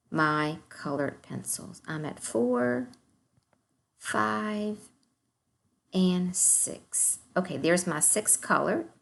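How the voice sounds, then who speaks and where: A woman teacher giving a recorded math lesson to young children, slow and encouraging, speaking straight to the kids. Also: lowish voice, gravelly.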